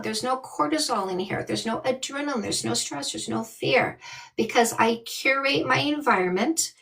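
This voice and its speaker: A woman's voice: high voice, normal speed, gravelly, fairly bright tone, low-quality recording. A woman in her fifties from Canada, a dating coach giving blunt, emphatic advice on a live call. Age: 50s.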